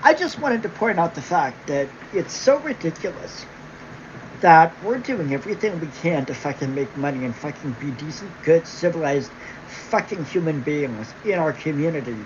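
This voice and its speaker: A woman's voice: low voice, lively intonation, moderate pace. Woman, livestream rant, sarcastic, angry, swears a lot, dull lo-fi audio, faint hiss. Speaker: livestream host.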